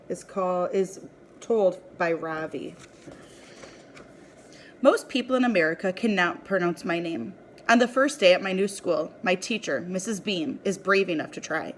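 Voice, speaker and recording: A woman's voice: medium pitch, slight background noise. Woman teacher reading a storybook aloud. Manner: friendly and conversational with the class. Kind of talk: reading a chapter book aloud to a class online. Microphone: home recording for an online class.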